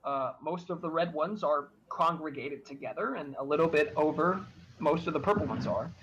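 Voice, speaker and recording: A man narrating as game master of a tabletop game, halting and full of restarts. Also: a little high, a bit bright, dull audio, a little hiss or hum.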